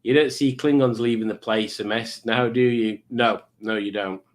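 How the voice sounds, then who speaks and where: A middle-aged man hosts a live quiz stream in casual chat. He rambles, teases and pokes fun at himself. His voice sits at an everyday middle pitch. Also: steady tone, normal speed. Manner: chatty, rambling, teasing and self-mocking. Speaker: livestream quiz host.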